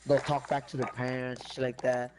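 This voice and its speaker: A man's voice: mid-range voice, flat delivery, moderate pace, background noise. A young man, chatting casually while gaming and switching between English and slang.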